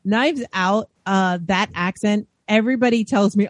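A woman's voice: mid-range voice, normal speed, no room sound. Chatty woman podcast co-host. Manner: chatty, enthusiastic, laughs often. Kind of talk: casual chat about movies.

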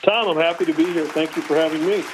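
A man's voice: on the high side, fairly even intonation, fast, a crowd in the background, noisy background. A man in his fifties, a guest on a casual interview, explaining at length with frequent restarts. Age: 50s. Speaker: golf company executive guest. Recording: tinny phone line.

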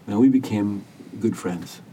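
A man who works as a hospice caregiver, telling a story as a podcast guest in an earnest, gentle, measured way. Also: fairly low pitch, far from the mic, slight background noise. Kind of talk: reflective storytelling interview.

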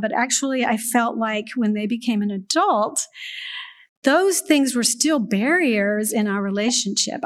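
An older woman sharing a personal testimony with a group, speaking in an earnest, halting way with restarts and soft laughs. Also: on the high side.

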